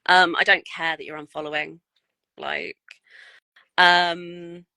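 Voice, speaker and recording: Blunt woman, bright voice. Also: lowish voice, fairly even intonation, slow, creaky, no echo, low-quality recording. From United Kingdom. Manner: blunt and frank, swears freely. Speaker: guest miniature painter. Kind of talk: casual podcast chat.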